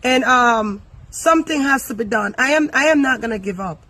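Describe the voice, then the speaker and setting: A woman from Jamaica, a business owner, speaking earnestly and haltingly about her country's troubles. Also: on the high side, animated, sharp tone. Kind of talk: impassioned interview remarks.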